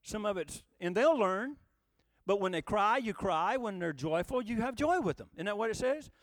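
Preaching in a folksy, conversational style, this pastor throws rhetorical questions at his congregation. His voice sits high and is expressive, his pace is moderate, and he speaks with emphasis. No echo is present.

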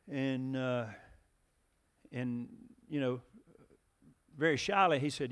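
A man's voice: mid-range voice, slow pace, long pauses, big-room sound. A man preaching a sermon in a folksy, storytelling way, with many fillers and questions to the congregation.

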